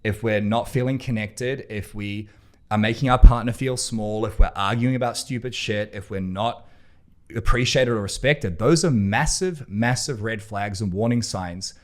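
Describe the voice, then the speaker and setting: A man's voice: fairly low pitch, normal speed. A man hosting a podcast, talking bluntly and emphatically in a casual conversation, swearing freely. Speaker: podcast host.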